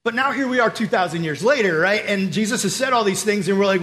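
A young man delivers a conversational sermon, full of asides to the crowd and quick quoted voices. His voice sits high for a man and carries a lot of energy. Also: a bit bright. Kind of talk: casual sermon with storytelling.

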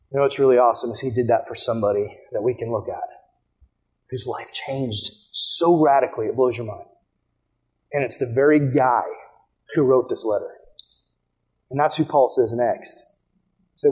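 A young man preaching a sermon, swinging from hushed, earnest passages to excited, near-shouted bursts. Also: medium pitch, moderate pace, long pauses. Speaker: pastor.

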